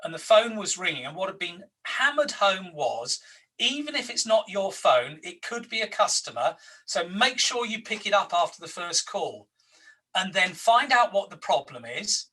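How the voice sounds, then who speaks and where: A man in his sixties leads an HR workshop in a bright, fairly high voice. He tells anecdotes and hammers his points home by repeating his words. He sits some way from the mic, as on a video call. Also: very animated, normal speed, breathy edge, far from the mic, rough recording. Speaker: HR coach.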